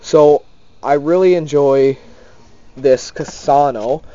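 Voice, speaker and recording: A young man casually giving his rating in a cigar review, relaxed and leaning on words like definitely. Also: on the high side, slow pace. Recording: dull lo-fi sound.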